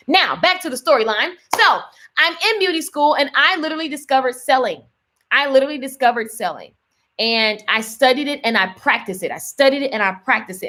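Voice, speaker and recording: Slightly high-voiced, a woman business coach speaks on a live stream, energetic and emphatic. She repeats her key lines and reads viewer comments out.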